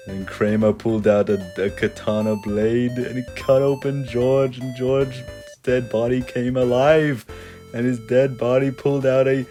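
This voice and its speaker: A young man narrating a comic horror story in a rambling, deadpan way, full of "uh" and "and then", over faint music. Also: mid-range voice. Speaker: creepypasta parody narrator.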